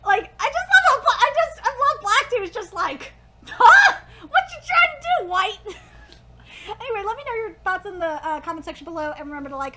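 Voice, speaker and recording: A woman hosting a live manga reaction, gushing and swearing as she shrieks with excitement. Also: sits high, slight background noise. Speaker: YouTube host.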